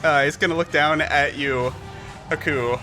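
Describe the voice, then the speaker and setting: Slightly high-voiced male game master. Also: unhurried, faint music behind. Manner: relaxed, chatty, many fillers. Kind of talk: narrating a tabletop game.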